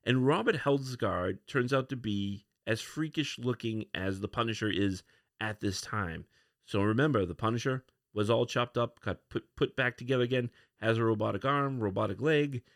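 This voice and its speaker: A man's voice: mid-range voice, fairly bright tone, no echo, studio quality. A man hosting a comic book review podcast, retelling a story in a conversational, rambling way. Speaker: podcast host.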